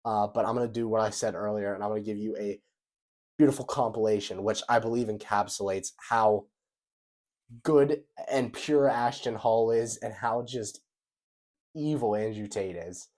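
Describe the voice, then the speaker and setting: Young male vlogger, lowish voice, rambling, casual commentary. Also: fairly even intonation, moderate pace, darkish tone. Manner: rambling, repeats himself, swears casually.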